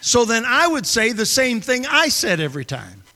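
A man's voice: very high-pitched, very animated, moderate pace, sharp tone. A man preaching a sermon as a pastor, telling a story in a folksy, conversational way in a church sanctuary. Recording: long reverb of a church hall.

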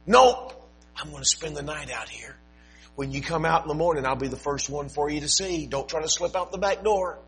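A man voicing a persistent pleading widow woman in a high, strained falsetto. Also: brisk, a bit bright, breathy edge. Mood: nagging insistent.

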